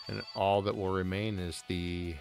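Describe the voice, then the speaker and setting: A man's voice: deep voice, flat delivery, measured pace, creaky. A man streaming live, chatting casually in a rambling, profane, joking way over faint music.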